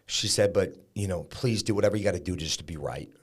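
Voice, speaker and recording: Deep-voiced man telling his story frankly. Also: quick pace, slightly rough. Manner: frank, conversational, peppered with likes and profanity. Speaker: podcast guest. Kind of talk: candid storytelling about recovery.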